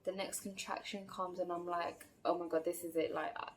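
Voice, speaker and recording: A woman's voice: on the low side, little pitch movement, normal speed. A woman telling a personal story in a casual, chatty vlog, full of fillers and acted-out quotes. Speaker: vlogger.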